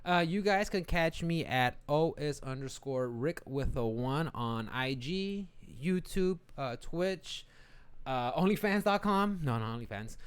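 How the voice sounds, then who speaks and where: Man, podcast co-host, casual chat, rambling, slightly high voice, smooth clear tone. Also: expressive, a little slow. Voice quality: rambling, stumbling restarts, casual swearing.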